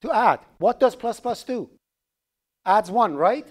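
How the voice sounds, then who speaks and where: Animated lecturer joking with his class. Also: sits high, slow pace. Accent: Persian. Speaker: programming instructor.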